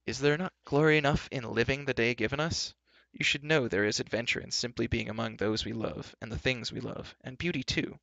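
A man reading aloud and voicing a gentle young male prince and healer who speaks in a calm, solemn way. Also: mid-range voice, brisk, creaky, hardly any pauses, no echo. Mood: grave.

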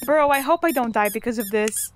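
This let's play features a woman whose voice runs a little high and a little fast. She's a jumpy, chatty gamer muttering to herself through a spooky video game, reacting to every door and sound.

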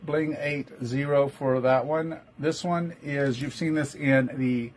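A man's voice: mid-range voice, steady tone, slow pace, slight background noise. A man with a Texan accent hosting a live-stream jewelry sale, chatty, greeting viewers by name and calling them love. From Texas. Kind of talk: live-stream sales chat.

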